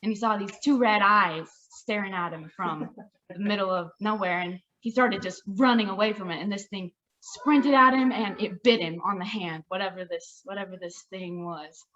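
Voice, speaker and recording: A woman casually telling a family story, animated and often laughing as she recalls it. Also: mid-range voice, normal speed. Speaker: family member sharing memories. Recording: slightly muffled audio.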